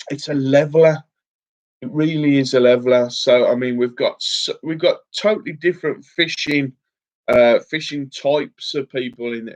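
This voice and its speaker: A man hosting a fishing livestream, chatting casually and a little emotionally while answering viewers' comments, calling them mate. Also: mid-range voice. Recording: slightly dull lo-fi stream audio.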